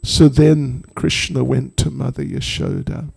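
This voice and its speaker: A man's voice: medium pitch, steady tone, a little slow, vocal fry, a little mellow, breathy edge. A man, a spiritual teacher, telling a devotional story to an audience with humorous, chatty asides.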